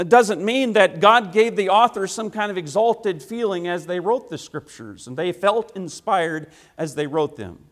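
A male preacher with a notably high voice delivers a sermon. He hammers his points home by repeating key phrases and asking rhetorical questions. His delivery swings between loud declarations and hushed asides.

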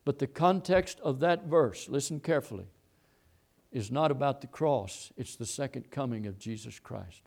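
A man's voice: medium pitch, expressive, moderate pace, vocal fry, a little mellow. A man preaching a sermon, repeating and stressing his points as he quotes scripture. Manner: emphatic, repetitive preaching with Bible quotes.

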